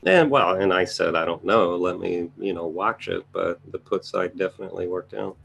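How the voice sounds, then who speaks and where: A man's voice: sits low, moderate pace, creaky, a bit bright, a little hiss or hum. A man giving casual live market commentary, thinking aloud as he scans charts and making chatty asides to his viewers. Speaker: trading educator reviewing charts.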